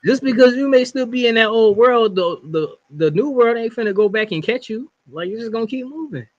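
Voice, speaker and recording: A man's voice: extremely high pitch, lively intonation, a little fast. A man co-hosting a podcast who argues his point emphatically in casual slang. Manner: emphatic, opinionated, slangy, laughs often. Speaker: podcast co-host. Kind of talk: casual wrestling podcast chat. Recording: dull, lo-fi sound.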